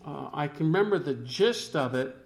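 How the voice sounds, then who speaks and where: A man leading an informal Bible discussion, rambling and halting with many restarts as he quotes scripture. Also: fairly high pitch, animated, vocal fry.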